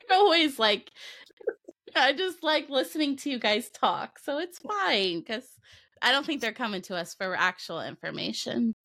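A woman's voice: on the high side, lively intonation, measured pace, bright, forceful tone. A woman hosting a podcast, giggly and laughing often in casual chat. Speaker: podcast host.

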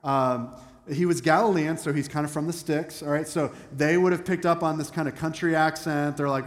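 A man's voice: fairly high pitch, steady tone, normal speed. A man preaching a sermon as a pastor, talking conversationally and asking the congregation questions. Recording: echoey hall with long reverb.

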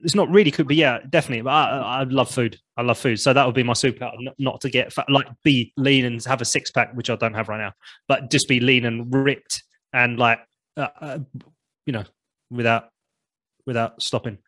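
A man's voice: mid-range voice, steady tone, brisk, a bit bright, dry recording. A man chatting as a podcast guest, a former comedian and vocal coach, talking loosely and swearing freely, often trailing off and restarting. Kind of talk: casual chat.

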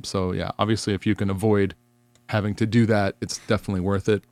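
A man with a fairly low voice talks in a relaxed, blunt way and swears casually during the chat. The sound is dry and close. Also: clean tone, no room sound. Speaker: podcast co-host.

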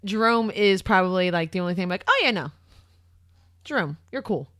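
A woman's voice: medium pitch, lively intonation, a little fast, fairly bright tone, dry recording, studio quality. A woman co-hosting a casual podcast, blunt and slangy, swearing freely and explaining things like a trainer. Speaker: podcast co-host.

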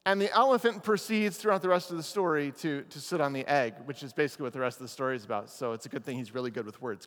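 Male pastor, high voice, animated playful sermon, long echo of a chapel. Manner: animated, playful storytelling with asides.

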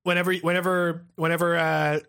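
A man's voice: a little high, flat delivery, fairly quick, creaky, pushed and bright, clean tone. A man in a laid-back, profane casual chat as podcast co-host. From Scotland. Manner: laid-back, laughs often, swears.

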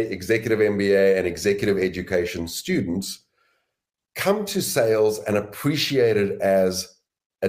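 A man being interviewed as a guest author and sales educator, giving measured, deliberate explanations. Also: on the low side, darkish tone. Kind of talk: interview answers.

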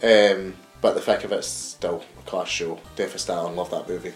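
A man's voice: deep voice, steady tone, moderate pace, faint music behind. Easygoing young man hosting. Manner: easygoing, chatty, steers the show. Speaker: podcast host. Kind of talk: casual chat.

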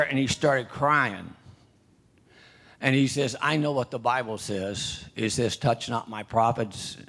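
An older man preaches, telling a story from his own life in a halting, restarting way and clearing his throat often. His voice sits at a middle pitch. When he reads scripture it rises and grows louder. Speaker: pastor. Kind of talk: sermon.

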